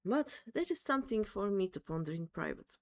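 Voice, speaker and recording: A woman's voice: medium pitch, big pitch swings, a little fast. A woman voicing a pompous male scholar who leads an archaeological expedition, reading the game lines aloud in a formal, stilted manner.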